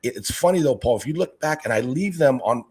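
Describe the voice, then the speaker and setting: A middle-aged man, a fish-keeping video maker and basketball coach, chatting as a guest in an interview, energetic and talkative, acting out what people say to him. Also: medium pitch, a little fast. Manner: energetic, talkative, acts out quoted exchanges. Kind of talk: casual interview chat.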